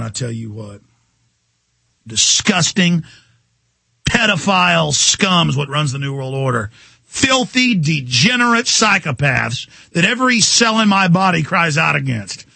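A male talk radio host in an angry political rant, furious and ranting, at times breaking into shouts. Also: high voice, gravelly, no room sound.

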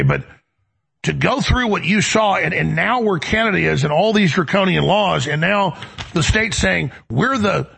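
A man's voice: a little high, fairly bright tone. A man hosting a talk show, delivering a heated, rambling monologue with emphatic repetition, from the United States. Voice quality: gravelly, raspy. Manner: emphatic, rambling, repeats words.

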